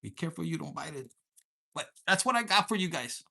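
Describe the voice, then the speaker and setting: Reading tarot on camera, this man is crude and profane, jokes constantly, mixes Spanish slang into his English and slips into quick impressions of his listeners. His fairly high voice is sing-song and sharp, a little rough, with vocal fry.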